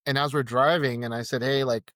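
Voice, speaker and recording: This podcast guest, a rideshare driver, speaks fairly quickly in a mid-range voice as he animatedly recounts a rideshare story in casual chat, acting out the quotes. It's studio-quality audio with no room sound.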